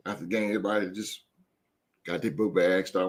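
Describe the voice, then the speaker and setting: A man hosting a sports podcast and coaching youth basketball, talking loudly and emphatically with plenty of swearing. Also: low-pitched, fast talker, pauses often. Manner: loud, swearing, animated and emphatic. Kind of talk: casual sports podcast chat.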